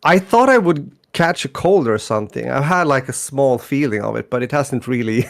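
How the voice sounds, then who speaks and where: A man's voice: mid-range voice, animated, moderate pace, vocal fry. A man from Sweden co-hosting a podcast in casual chat, easygoing and tired, laughing often. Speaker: podcast co-host.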